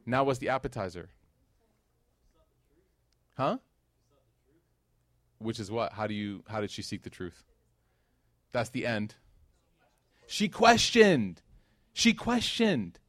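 A male preacher tells stories to a live crowd with energy. He fires questions at his listeners and tosses in jokes along the way. His voice sits at an ordinary pitch for a man and sounds close and dry. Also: normal speed, pauses often, dry recording. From United States. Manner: animated storytelling, quizzes the audience, joking asides. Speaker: Islamic preacher. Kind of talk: conversational sermon to a live audience.

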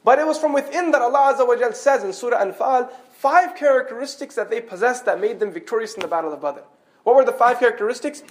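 Fast-talking, high-voiced male preacher. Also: a little hiss or hum. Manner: animated storytelling with joking asides. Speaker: Islamic preacher. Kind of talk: storytelling sermon.

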